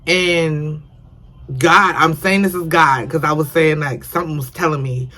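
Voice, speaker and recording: A woman's voice: sits low, fairly even intonation, unhurried, pushed and bright. A young woman casually telling a personal story on her vlog, rambling and repeating herself, earnest and emotional. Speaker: vlogger.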